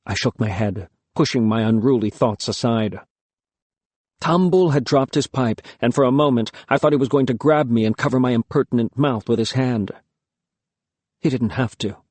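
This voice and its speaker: This is a first-person audiobook read by a man whose voice is medium in pitch. His delivery is deliberate and expressive, with no echo present.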